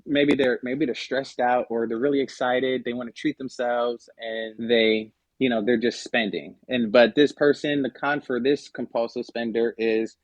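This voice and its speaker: A man's voice: medium pitch, steady tone, moderate pace, few pauses, no echo, highs cut off. Man chatting casually on a podcast. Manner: conversational, many fillers and restarts. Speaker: podcast guest. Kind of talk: casual explanatory podcast talk.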